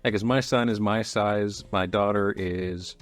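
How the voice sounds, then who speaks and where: A man's voice: on the low side, fairly even intonation, unhurried, faint music behind. A man hosting a podcast, chatting casually, laughing easily and recapping the story. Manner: easygoing, laughs often, summarizes plot. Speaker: podcast host.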